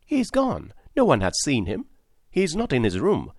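A man voicing a frail young maid who talks in a shrill, unsettled way. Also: wildly swooping pitch, a little slow, a little mellow, dry recording, studio quality, full character voice. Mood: unhinged.

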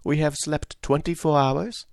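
A man voicing a polite, calm and deferential male servant in an audiobook story. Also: fairly high pitch, unhurried, vocal fry, clean tone, dry recording, studio quality, pitched above the performer's own voice. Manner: courteous, mild, deferential.

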